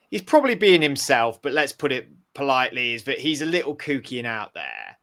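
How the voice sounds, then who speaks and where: A man's voice: medium pitch, huge pitch swings, moderate pace, fairly bright tone. A man co-hosting a sports podcast, chatting casually and thinking aloud with many restarts. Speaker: podcast co-host. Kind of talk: casual chat.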